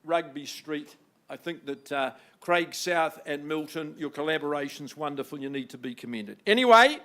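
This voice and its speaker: A man's voice: fairly even intonation, moderate pace, a bit bright. Flamboyant New male auctioneer. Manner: theatrical, flowery sales pitch. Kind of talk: auction patter. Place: auction room.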